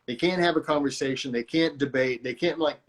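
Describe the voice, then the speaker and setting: A man hosting a podcast conversation, talking in a halting way with many restarts and self-corrections. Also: fairly high pitch, a little hiss or hum. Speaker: host.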